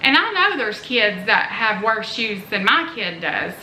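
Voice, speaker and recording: Middle-aged woman, chatty vlogging mom, bright forward tone, roomy echo. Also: medium pitch, sing-song, measured pace. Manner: chatty, earnest, rambling asides. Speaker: family vlogger, mother. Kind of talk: casual chatty vlog. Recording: roomy echo, faint background noise.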